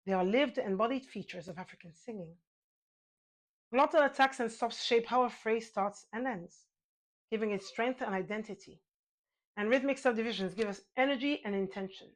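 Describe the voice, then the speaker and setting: Calm, encouraging female vocal coach. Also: fairly high pitch, normal speed. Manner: calm, encouraging, counts aloud and demonstrates sounds. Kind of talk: guided singing lesson.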